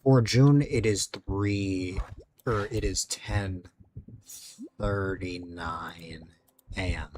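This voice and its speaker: Male streamer, sleepy late-night chat, slow rambling delivery, faint background hiss. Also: low-pitched, level tone. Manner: rambling, loses his words. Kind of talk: casual chat with viewers.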